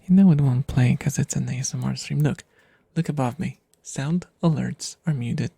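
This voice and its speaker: Gravelly, breathy man in soft ASMR chat. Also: medium pitch, moderate pace, no room sound. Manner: rambling, self-deprecating, drifting in and out of whispers. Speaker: ASMR streamer.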